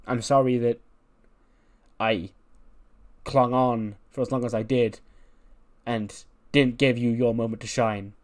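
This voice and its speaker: A man's voice: medium pitch, fairly even intonation, slow, long pauses, lightly acted. A man voicing a veteran male wrestler, a stern father who speaks earnestly and with force to his son. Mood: remorseful. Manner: earnest, pleading then challenging.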